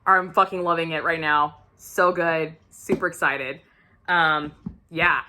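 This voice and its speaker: A woman book vlogger giving a casual weekly reading update, excitable and gushing, swearing freely as she talks. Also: sits low, slow pace, slight background noise.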